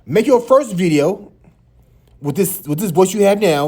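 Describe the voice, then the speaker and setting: A man with a small, high voice hosting a reaction video, teasing and laughing as he comments. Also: expressive, moderate pace, warm tone. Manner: high light voice.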